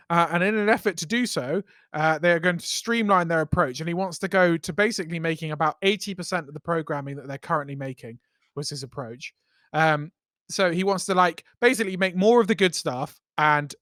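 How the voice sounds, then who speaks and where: A man's voice: fairly high pitch, sharp tone, no echo, studio quality. A young man co-hosting a comedy podcast, rambling through a story with self-corrections and swearing. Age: young adult. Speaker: podcast co-host. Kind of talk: casual comedy podcast banter.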